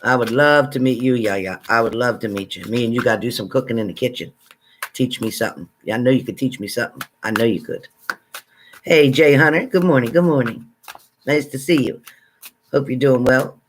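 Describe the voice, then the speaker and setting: A man hosting a casual livestream, chatting with viewers and greeting them by name, excitable and exclamatory. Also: medium pitch, brisk, a little hiss or hum. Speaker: livestream psychic reader. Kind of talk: casual live chat with viewers.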